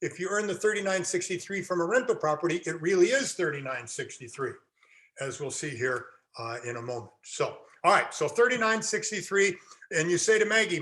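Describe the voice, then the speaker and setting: A man's voice: on the high side, a little fast, a bit bright. A man lecturing a classroom, quizzing his audience and answering his own questions with folksy jokes. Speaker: real estate instructor.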